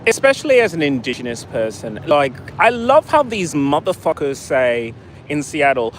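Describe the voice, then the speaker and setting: A man's voice: fairly high pitch, very animated, moderate pace, slight background noise, poor audio. A man telling a story in a profane, sarcastic rant, outdoors in a city. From United States. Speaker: vlogger. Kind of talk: casual ranting storytelling.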